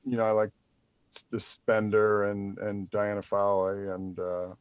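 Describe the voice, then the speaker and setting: A man's voice: on the low side, monotone, a little slow, smooth, no echo. Hesitant man, dull lo-fi audio. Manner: hesitant, stumbling restarts. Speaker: podcast guest. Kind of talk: casual podcast chat.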